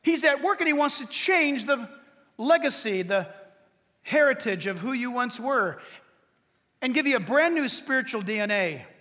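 A man preaching with a strikingly high voice and a forceful, bright edge. He tells stories with animation and speaks straight to the congregation. A long reverb trails after every phrase, as in a large hall. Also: moderate pace. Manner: animated storytelling, addressing the congregation directly. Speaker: pastor. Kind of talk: sermon.

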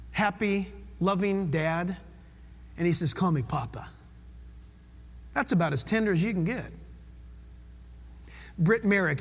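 An older man, a pastor preaching a sermon, slow and emphatic, drawing out key words for effect. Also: sits high, long reverb tail.

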